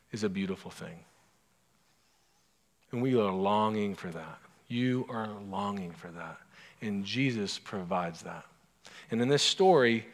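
Male pastor, mid-pitched, chatty storytelling sermon with asides, big reverberant sanctuary. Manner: conversational, self-interrupting storyteller with asides to the congregation. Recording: long hall reverb.

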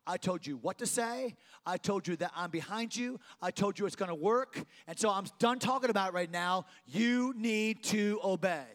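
A man's voice: high-pitched, brisk, fairly bright tone. A man voicing God as a stern, commanding figure who insists on being obeyed. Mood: firm. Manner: firm, insistent, repeats its point. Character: stern commanding male God, done talking.

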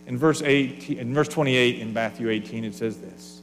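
A man's voice: medium pitch, moderate pace, hardly any pauses, in a large hall, a little hiss or hum. A man preaching a sermon to his congregation, earnest and varied, sometimes falling to a near whisper. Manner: earnest, varies loudness, drops to a whisper at times. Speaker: pastor.

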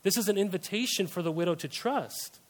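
A man's voice: sits high, a little fast. A young male pastor preaching a sermon, talking conversationally and asking the congregation rhetorical questions. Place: church service.

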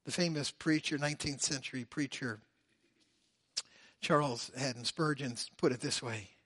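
A man preaching a sermon, swinging between loud, drawn-out emphasis and hushed, low phrases. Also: husky, dry recording. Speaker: pastor.

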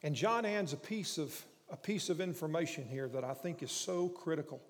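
A high-voiced male preacher delivers a sermon, dropping to hushed storytelling and rising to loud, emphatic preaching. His voice rings out in a large hall with a long reverb. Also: moderate pace.

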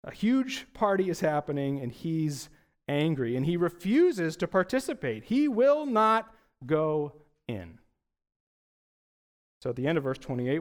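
A young adult male pastor preaching a sermon in a conversational way, often asking rhetorical questions. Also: on the high side.

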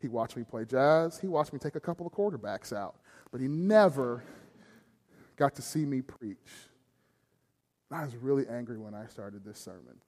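A man's voice: mid-range voice, lively intonation, moderate pace, a little mellow. A middle-aged man preaching a sermon, telling family stories with self-deprecating humor. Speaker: pastor. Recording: long hall reverb.

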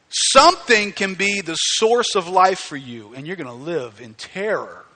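A middle-aged pastor delivers a lively sermon in a bright, ringing voice that sits a little high for a man. He drops to near whispers, then builds to loud, fervent peaks. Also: normal speed, few pauses. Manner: animated preaching, swinging from hushed to near-shouting.

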